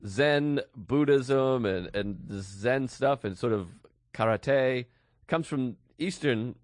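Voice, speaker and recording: A man co-hosting a comedy podcast, telling stories in casual chat and breaking into loud, shouted impressions. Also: mid-range voice, takes it slowly, dry recording, studio quality. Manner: animated storyteller, bursts into loud shouted impressions. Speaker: podcast co-host. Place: New York apartment recording.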